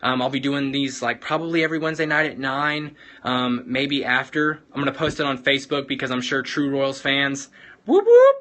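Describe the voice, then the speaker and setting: Earnest young man, bright voice. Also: mid-range voice, little pitch movement, fairly quick, few pauses. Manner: earnest, retells film scenes, many fillers like "man". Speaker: host of a weekly talk. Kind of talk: casual motivational talk.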